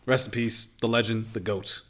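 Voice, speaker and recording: A man's voice: lowish voice, fairly even intonation, moderate pace, fairly bright tone. A man co-hosting a sports show, teasing and pushing his partner along in casual banter. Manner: playful, pushy teasing.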